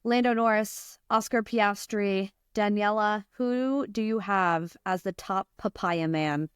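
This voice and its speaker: A woman's voice: medium pitch, slow, smooth, dry recording. Upbeat American woman hosting, dry close sound. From United States. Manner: laughs often, teasing and upbeat. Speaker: podcast host. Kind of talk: casual podcast chat.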